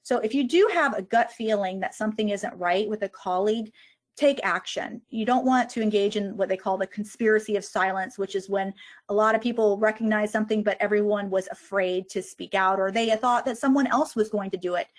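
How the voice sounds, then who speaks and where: A woman's voice: medium pitch, a little fast. A woman giving an online lecture on physician well-being, explaining step by step how to approach a struggling colleague. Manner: explanatory, models conversations step by step.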